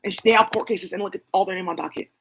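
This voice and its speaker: A woman's voice: medium pitch, steady tone, very fast, fairly bright tone, a little hiss or hum. A woman talking in a rambling, profane monologue, leaping from name to name and claim to claim. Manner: rambling, profane, jumping between names and claims.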